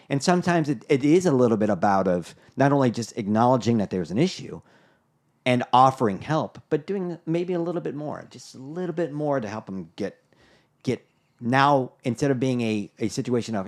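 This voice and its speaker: A man's voice: mid-range voice, expressive, a little fast. A man co-hosting a podcast, talking casually and telling stories in a reflective way with frequent fillers. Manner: storytelling, reflective, many fillers. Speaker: podcast co-host. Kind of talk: casual chat.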